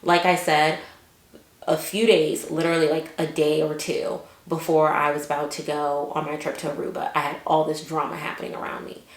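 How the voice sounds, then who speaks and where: Chatty low-voiced woman in echoey room. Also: normal speed. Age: adult with children. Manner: chatty, animated, lots of fillers and quoted self-talk. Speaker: vlogger. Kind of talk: casual storytelling vlog.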